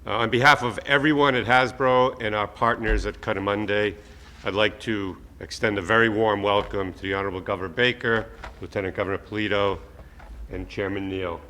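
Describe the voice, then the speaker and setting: A man delivering formal prepared remarks in a polite, welcoming manner. His voice is fairly low, with a bright, forceful edge. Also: fairly even intonation, a little fast. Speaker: company president. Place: factory floor.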